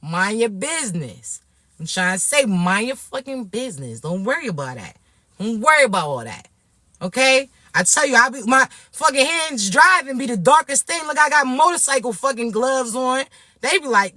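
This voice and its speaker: Loud-mouthed lady venting to her phone, pitch jumping all over, no room echo. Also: moderate pace, clean studio sound. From Florida. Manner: brash, profane, animated storytelling. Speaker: vlogger. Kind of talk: casual rant to camera.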